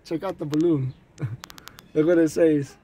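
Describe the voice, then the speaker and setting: A man's voice: fairly high pitch, steady tone, takes it slowly, dark tone, slight background noise. A man filming a casual vlog on his phone from his truck and an alley, laughing often and teasing as he talks to his viewers. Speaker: vlogger. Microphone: phone camera.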